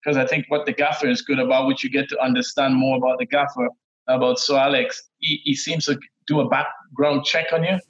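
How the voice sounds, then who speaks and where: A middle-aged man with a Trinidadian accent, telling stories as a guest in a relaxed, laid-back way, often laughing. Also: medium pitch, a little fast. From Trinidad and Tobago. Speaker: guest, former footballer. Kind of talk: casual interview storytelling. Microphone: remote call audio. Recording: dull lo-fi call audio.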